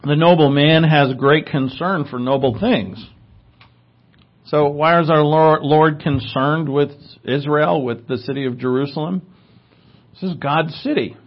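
Plauderton eines Predigers, dumpfer Klang. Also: male voice, a little high, measured pace, muffled recording. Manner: conversational, with asides and fillers. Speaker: preacher. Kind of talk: sermon teaching.

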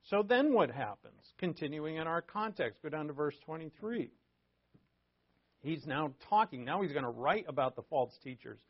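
A man's voice: a little high, expressive, measured pace, slightly rough. A man preaching a verse-by-verse sermon. He reads scripture aloud and then explains it in a conversational way, with asides. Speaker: pastor. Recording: dull lo-fi sermon recording.

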